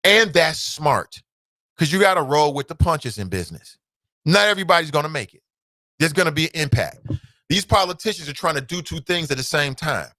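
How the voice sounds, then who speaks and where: A man hosting a talk show, ranting bluntly with real heat and some cursing. His voice is bright and forceful, a little higher than most men's, and it sounds dry and close with almost no room echo. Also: lively intonation, brisk. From United States. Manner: blunt, fired-up ranting with swearing. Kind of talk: opinionated solo commentary.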